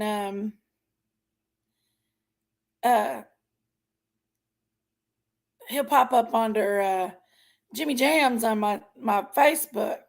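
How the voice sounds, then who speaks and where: A woman hosting a casual livestream, chatting in a folksy way and greeting viewers by name. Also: fairly high pitch. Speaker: livestream host.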